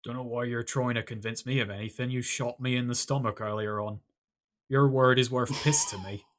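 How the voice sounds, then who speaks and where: A man voicing a big male tavern keeper who talks low and flat with contempt. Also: brisk, close to an everyday voice. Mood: contemptuous.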